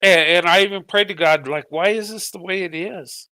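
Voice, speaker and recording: A middle-aged man giving a halting, emotional personal monologue to his viewers, tearful and often repeating his words as his voice breaks. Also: high voice, bright, forceful tone, no room sound. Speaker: vlogger.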